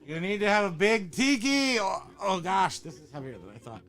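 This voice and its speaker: A man's voice: sits high, big pitch swings, normal speed, a bit bright. A man hosting a casual show-and-tell chat at a home tiki bar, rambling and joking as he corrects himself. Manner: rambling, jokey, self-correcting. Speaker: host.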